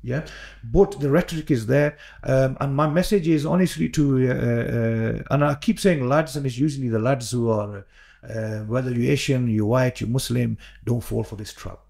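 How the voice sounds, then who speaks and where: Earnest gravelly man, dark tone. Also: medium pitch, steady tone, moderate pace. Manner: earnest, repeats words, many fillers and restarts. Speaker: podcast guest, imam. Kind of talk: casual podcast conversation.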